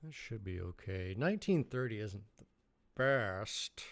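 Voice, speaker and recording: A man's voice: on the low side, lively intonation, a little slow. A man streaming a space-building game live, thinking aloud as he works and chatting with viewers. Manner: thinks aloud, chats with viewers, bursts into loud mock shouting. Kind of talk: casual live-stream gameplay commentary.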